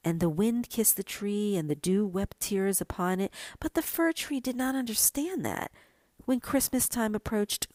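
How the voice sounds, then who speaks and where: A woman podcast host reading a classic story aloud in a gentle, measured manner. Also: medium pitch, no room sound. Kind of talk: storybook narration.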